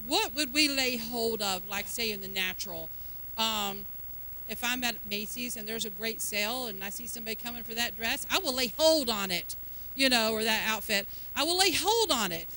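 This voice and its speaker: Woman preacher, high and piercing, emphatic and folksy, questions the congregation. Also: pushed and bright. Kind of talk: sermon.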